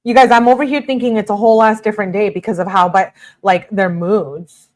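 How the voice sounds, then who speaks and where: A woman's voice: mid-range voice, brisk. A woman streamer reading text messages aloud and chatting casually with her viewers about a court case. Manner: reads messages flatly, breaks off to chat with viewers. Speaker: true-crime streamer reading texts.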